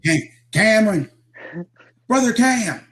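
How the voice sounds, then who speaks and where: A young man voicing a panicky male road buddy, yelping in a shrill, frantic way. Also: wildly swooping pitch, very slow, fairly bright tone, full character voice. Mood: panicked.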